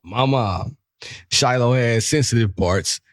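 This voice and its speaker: A man's voice: medium pitch, slow pace, dry recording, clean studio sound. A man hosting a casual podcast chat, telling stories in a slangy, profane way and slipping into voices. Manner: animated storyteller, slangy and profane, jumps into voices. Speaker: podcast host.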